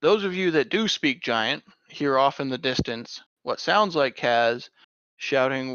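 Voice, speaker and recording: A man narrating as dungeon master of a tabletop game, unhurried and sometimes searching for words. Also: mid-range voice, lively intonation, a bit bright, clear, resonant tone, dry recording, muffled recording.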